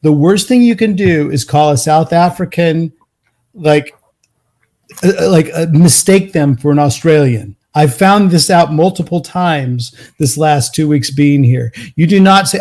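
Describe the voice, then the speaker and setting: A man hosting a live show as a guitar mentor, talking in a rambling, energetic way and laughing often. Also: on the high side, unhurried. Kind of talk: casual live show chat.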